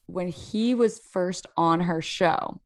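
A woman with a Philadelphia accent, co-hosting a casual podcast and telling an animated story full of "like"s. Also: lowish voice, slow pace. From South Jersey near Philadelphia. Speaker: podcast co-host. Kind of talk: casual chat.

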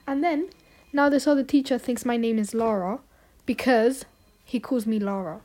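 A woman from Catalonia speaks English with a British lean, her first language being Spanish or Catalan. Her voice is notably high. She talks softly, laughs easily and protests when teased. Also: moderate pace. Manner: soft-spoken, laughing, protesting. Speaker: guest, cousin. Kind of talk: casual chat.

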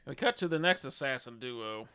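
A man's voice: medium pitch, expressive, moderate pace, a bit bright, clean tone. A man hosting a casual podcast, walking through a film's plot with dry asides. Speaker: podcast host recapping the film. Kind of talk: casual film recap chat.

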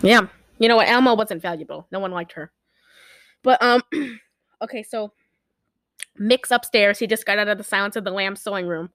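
A woman co-hosting a podcast, casually retelling a movie with animated storytelling and lots of fillers. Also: mid-range voice, normal speed, pauses often, dry recording. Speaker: podcast co-host. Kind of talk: casual movie recap chat.

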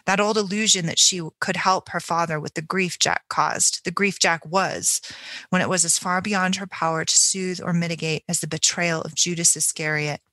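A woman co-hosting a book podcast, reading a passage from a novel aloud in a measured, reflective way. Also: on the low side, steady tone, bright, forceful tone, no echo. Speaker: book club podcast co-host.

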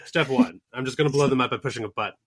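A man's voice: mid-range voice, very fast, dry recording. A man co-hosting a podcast in casual comedic chat, rambling and building jokes with asides. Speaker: podcast co-host.

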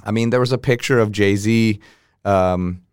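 A man's voice: on the low side, a little slow, a little mellow, smooth, dry recording. Laid-back man telling DJ stories, dry sound. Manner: laid-back, swears freely, acts out quotes. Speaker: DJ guest. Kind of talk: casual storytelling chat.

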